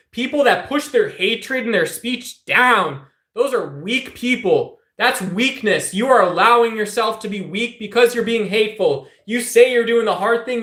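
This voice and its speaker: Male streamer, high-pitched voice, roomy echo, confrontational rant to chat. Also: bright, forceful tone. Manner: heated, confrontational, addresses viewers directly. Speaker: political streamer. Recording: echoey room.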